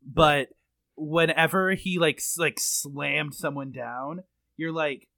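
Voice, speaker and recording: A man with a somewhat high voice talking over a movie in casual chat. He weighs his points carefully and fills pauses with "like". The recording is close and dry. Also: fairly even intonation, gravelly, pushed and bright, dry recording. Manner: thoughtful, qualifies points, many "like" fillers. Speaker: podcast co-host.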